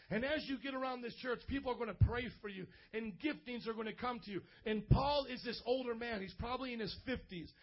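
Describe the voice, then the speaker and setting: A young man's husky, fairly high voice drives an energetic youth sermon, swinging from playful slang up to shouted calls. The sound is a little dull and lo-fi. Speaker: youth pastor. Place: church youth service.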